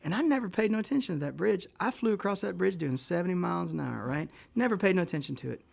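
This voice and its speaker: A man from Texas, a guest musician telling a long rambling story in a casual, animated way on a radio show. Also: high-pitched, fast, vocal fry.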